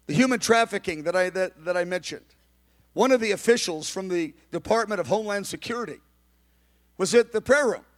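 A man preaching a sermon in an animated, emphatic way, sometimes shouting, with conversational asides and restarts. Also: high voice, a little fast. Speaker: pastor.

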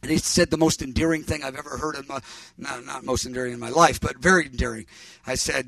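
A man preaching, telling a story in an animated, rambling way and correcting himself as he goes. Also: mid-range voice, fast, gravelly, no room sound, recorded from a distance. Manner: rambling, animated, self-correcting with fillers and restarts. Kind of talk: sermon storytelling.

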